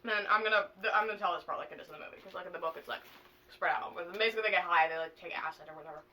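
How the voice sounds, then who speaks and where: A young woman vlogger casually retelling a plot to a friend, animated and full of swearing and fillers. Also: lowish voice, racing, far from the mic, slight background noise, poor audio.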